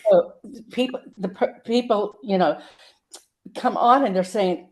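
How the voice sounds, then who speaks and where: An older woman comedian telling a story in an interview, halting with ums and restarts. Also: medium pitch. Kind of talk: casual interview chat.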